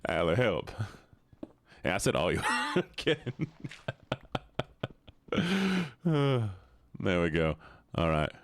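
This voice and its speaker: A man's voice: on the low side, big pitch swings, extremely slow, long pauses. A young man streaming a game, chatting casually with his chat, laughing and swearing often. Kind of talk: casual live-stream chat while gaming.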